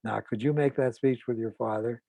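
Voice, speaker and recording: A man, a psychotherapist, recounting a client's case in a measured, deliberate way. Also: mid-range voice, vocal fry, mellow, dry recording, low-quality recording.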